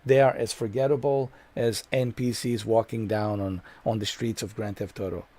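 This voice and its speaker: His lowish voice is warm and steady, at a moderate pace, even as this streamer rants about his gameplay. He's exasperated and profane, repeating the same complaints again and again.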